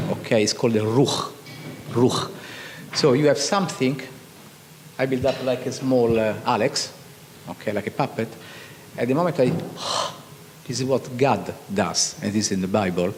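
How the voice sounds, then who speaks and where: A middle-aged Italian man with an Italian accent, giving an informal artist talk to an audience. He speaks haltingly, restarts often and keeps asking "okay?". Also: medium pitch, a little mellow. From Italy. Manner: halting, full of restarts and repeated "okay?" checks. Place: lecture hall. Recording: distant hall reverb with faint background noise.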